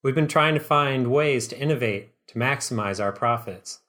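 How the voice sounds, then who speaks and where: A man puts on a pasty, unkempt company boss with awkward, smarmy sales patter. The voice sits a little higher and pushes louder than an everyday voice. It is a storytelling podcast read. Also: normal speed, natural voice. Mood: smarmy pitch.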